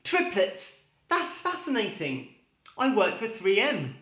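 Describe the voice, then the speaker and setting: A man squeaking as a shocked new dad. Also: wildly swooping pitch, slow, a bit bright, heavily acted. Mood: astonished. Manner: squeaky, astonished. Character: startled new fathers, excitable men. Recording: roomy echo.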